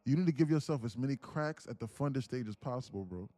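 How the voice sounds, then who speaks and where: A man's voice: medium pitch, expressive, fast, dark tone, no room sound. A man mentoring viewers on a live trading stream, talking in loose slang and calling the chart as it moves. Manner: loose slangy talk, sings and laughs between chart calls. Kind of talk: casual livestream commentary.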